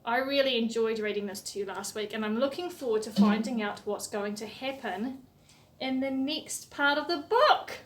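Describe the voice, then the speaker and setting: High-voiced New woman reading to toddlers. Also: moderate pace. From New Zealand. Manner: sing-song, animated storytelling with gasps and questions. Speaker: children's music session facilitator. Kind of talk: reading a picture book aloud to toddlers.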